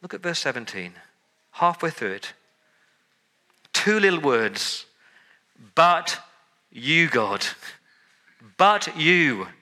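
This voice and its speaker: Male pastor, sermon, very bright voice, emphatic, repeats words for emphasis. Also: fairly high pitch, big pitch swings, slow, long pauses.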